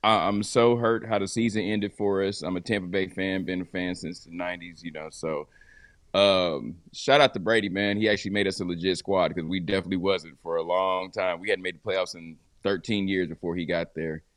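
A man's voice: sits low, steady tone, fairly quick, no room sound, clean studio sound. A man co-hosting a talk show, rambling casually about football and repeating himself as he starts sentences. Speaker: co-host DJ. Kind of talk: casual chat.

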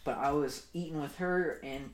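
A young man co-hosts a casual podcast, rambling through a story with constant fillers and swearing. His voice sits slightly high for a man. The room is echoey with a faint hiss behind him. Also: moderate pace. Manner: rambling, profane, many "like" fillers. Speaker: podcast co-host.

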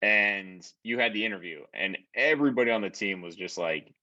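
Deep bright-voiced young man, slightly muffled. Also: fairly quick, few pauses. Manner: animated anecdotes with frequent restarts. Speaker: podcast co-host, former college baseball player. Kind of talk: casual conversational storytelling.

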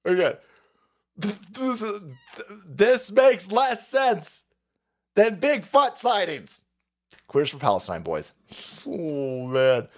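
This livestream host's voice sits high, and he is very animated despite a slow pace and long pauses. He rants about politics in a foul-mouthed, mocking way, breaking into laughter frequently.

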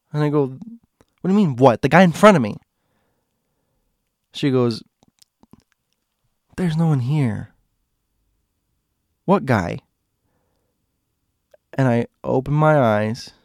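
Gravelly man telling a halting personal story. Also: mid-range voice, no room sound, clean studio sound. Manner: halting, self-correcting, conversational. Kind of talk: personal ghost story told casually.

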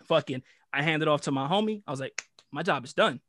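Animated profane man from New York. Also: on the high side, quick pace, slight background noise. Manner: animated, profane, slangy, acts out voices. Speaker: guest storyteller. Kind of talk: casual storytelling chat.

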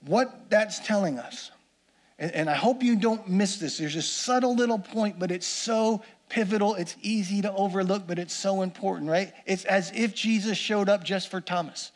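A man delivers a sermon in a fairly high voice. He is earnest and builds his points through repetition. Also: normal speed. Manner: earnest, repeats phrases for emphasis. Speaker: pastor.

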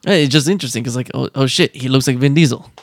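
A man's voice: mid-range voice, very fast, dry recording. Easygoing man, mid-range voice, casual car chat, dry close sound. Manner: relaxed, brief replies, casual swearing. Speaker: co-host.

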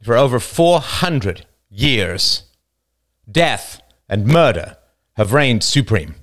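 A man's voice: medium pitch, sing-song, slow, a bit bright. A man voicing a bearded male leader of a zealous brotherhood, preaching solemnly and crying out in desperation.

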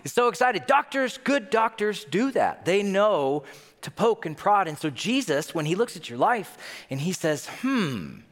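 Animated young man preaching in a hall. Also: high voice, moderate pace. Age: young adult. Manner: animated, playful storytelling with acted-out voices. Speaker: pastor. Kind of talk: sermon. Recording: long hall reverb.

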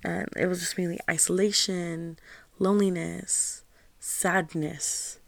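Candid young woman with a gravelly voice. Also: on the low side, flat delivery, takes it slowly, no echo. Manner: candid and confiding, heavy use of "like". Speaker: podcast host. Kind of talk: casual personal storytelling.

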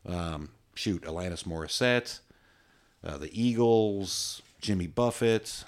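A man's voice: sits low, slow. A man co-hosting a podcast, chatting casually in a joking, rambling, easygoing way. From Virginia. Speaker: podcast co-host. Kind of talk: casual chat.

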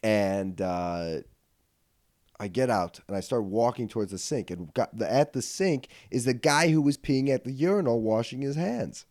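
A man hosting a podcast, telling a comedic story in casual chat. He swears freely, laughs as he goes, and swings from low mutters to loud outbursts on a studio mic. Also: normal speed, no room sound. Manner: animated, swings from mutters to yelling. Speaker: podcast host.

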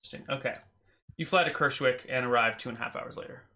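Bright-voiced male game master. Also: medium pitch, racing. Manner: relaxed, hesitant with fillers. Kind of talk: narrating a tabletop game.

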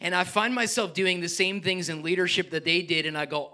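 A middle-aged man preaching a sermon as pastor, animated, climbing to near-shouts and then dropping to soft, quiet asides. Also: high-pitched, a little fast.

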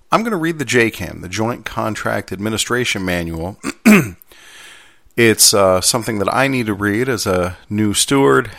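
Low gravelly male podcast host. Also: a bit bright, no echo, studio quality. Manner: chatty and self-deprecating. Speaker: podcast host and union steward. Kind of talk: casual intro, then reading a manual aloud.

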